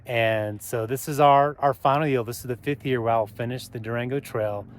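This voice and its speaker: A man with a Southern US accent chats to his camera while hiking a mountain trail. He talks in a relaxed, halting way full of fillers, and he is sometimes out of breath. Faint outdoor noise sits behind his mid-pitched voice. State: out of breath on climbs. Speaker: hiker vlogger. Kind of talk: casual trail vlog.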